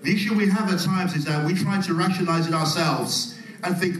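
A man preaching a sermon, calling out to the congregation and swinging between loud, rising passages and soft, quiet ones. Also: high voice, a little fast, a little hiss or hum. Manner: call-and-response preaching, swelling loud then dropping soft. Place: church. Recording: echoey church hall, mic at a distance.

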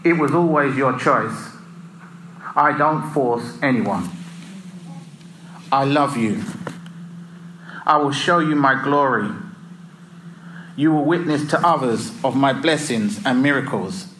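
A man voicing God as a calm, patient divine presence, speaking slowly and gently. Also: medium pitch, slight background noise. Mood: gentle. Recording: echoey room, faint ambience.

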